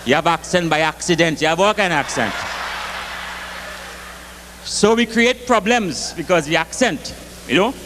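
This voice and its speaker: High-voiced comic storyteller. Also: male voice, normal speed, long pauses, noisy background. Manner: animated, rhythmic Caribbean storyteller delivery.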